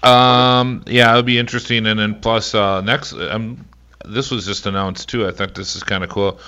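A man's voice: lowish voice, fairly even intonation, normal speed, pushed and bright, smooth, highs cut off. A man hosting a sports radio show, talking casually with many fillers.

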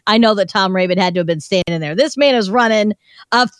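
A woman in her thirties hosting a radio show in a studio, telling a lively story and acting out the other people's voices. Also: medium pitch, fast, no room sound. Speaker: radio host.

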